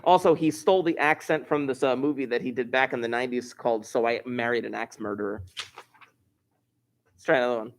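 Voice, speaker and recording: A man with a mid-range voice and a steady tone talks a little fast as he teaches a live online algebra class. The math teacher explains each step while trading jokes and chat with his students.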